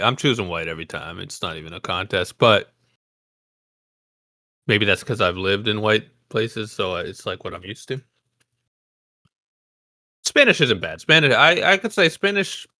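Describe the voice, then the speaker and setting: A man's voice: fairly low pitch, sharp tone, no echo, clean studio sound. A man co-hosting a casual podcast, speaking bluntly and offhandedly and often breaking into laughs.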